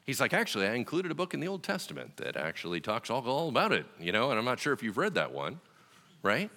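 A man preaching a sermon as pastor, lively and conversational, acting out other people's voices and then dropping to a quieter, gentler delivery. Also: medium pitch, a little fast. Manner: animated, acts out voices of God and listeners; drops to a quieter, softer delivery when reassuring. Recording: long hall reverb.

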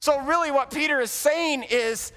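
A man preaching a sermon, telling the story dramatically and swinging from loud to hushed. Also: very high voice, normal speed. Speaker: pastor. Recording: long hall reverb.

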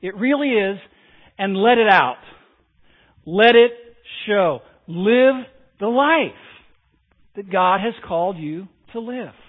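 A man's voice: high voice, lively intonation, takes it slowly, pauses often. A male pastor preaching a sermon, emphatic, repeating key phrases and asking the congregation to respond. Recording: tinny phone-like sound.

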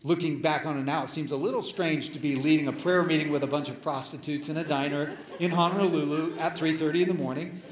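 A male preacher telling a story in a sermon, dramatic and swinging between loud and hushed. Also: a little high, fairly even intonation, fast talker. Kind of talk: sermon storytelling, reading a letter aloud. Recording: echoey room.

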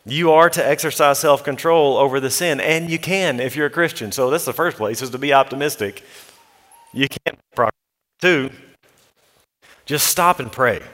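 A man's voice: medium pitch, normal speed, fairly bright tone, long reverb tail. A man, a pastor with young children, preaching an earnest, practical sermon and quoting scripture as he goes. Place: church sanctuary.

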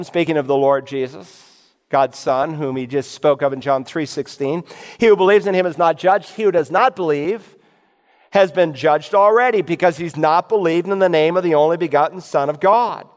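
A man delivers an expository sermon, reading scripture aloud and directing his listeners with emphatic, teacherly insistence. His voice sits high for a man. It rings out with a long reverb, as if filling a large church sanctuary. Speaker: pastor.

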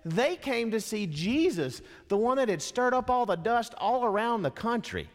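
A man preaching a sermon as a dramatic storyteller, dropping to a hush and then rising to impassioned emphasis. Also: very high voice, sing-song, moderate pace. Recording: long hall reverb.

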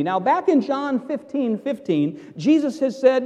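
A male pastor preaching a sermon, emphatic and theatrical, swinging from loud to hushed. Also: very high voice, very animated, a little slow, hardly any pauses, in a large hall.

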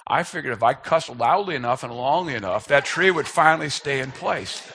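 A man's voice: medium pitch, animated, a little fast, bright, forceful tone, a little hiss or hum. A man in his fifties, a speaker telling a self-deprecating, humorous personal story as part of a sermon.

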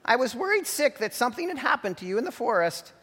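A kindly old grandmother frets and fusses in a high voice, as a man puts her on. It is a storybook voice with a long reverb behind it. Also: very animated, fast, a bit bright, husky, full character voice. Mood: relieved worry. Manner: fussing and fretful.

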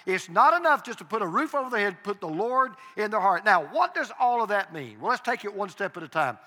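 An older pastor preaches a sermon in a church sanctuary, his high voice bright and forceful with lively intonation and a slightly fast pace. He tells earnest, confessional stories and hammers points home through repetition, all under a long hall reverb.

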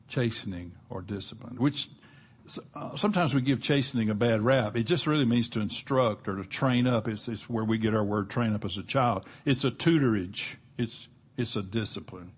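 A man's voice: mid-range voice, normal speed, slightly rough. A middle-aged man preaching a sermon as a pastor, plain-spoken and emphatic, often restarting his sentences.

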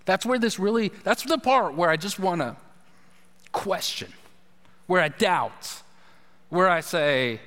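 A man preaching a sermon in a conversational, animated storytelling way, acting out the people he quotes. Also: sits high, takes it slowly, long pauses, long reverb tail. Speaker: pastor.

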